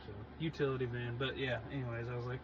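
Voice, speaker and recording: A man hosting a podcast in casual chat, throwing in quick jokes. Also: medium pitch, flat delivery. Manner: joking, throws in quick quips. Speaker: podcast host. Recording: dull lo-fi sound with clear background noise.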